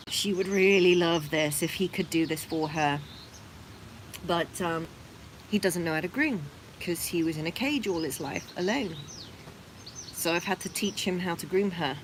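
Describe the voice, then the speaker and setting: A woman hosting a casual vlog, talking softly and gently and cooing to her rabbits between explanations. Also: lowish voice, measured pace, a little hiss or hum, rough recording. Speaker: rabbit owner and channel host. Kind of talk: casual vlog narration while tending pets.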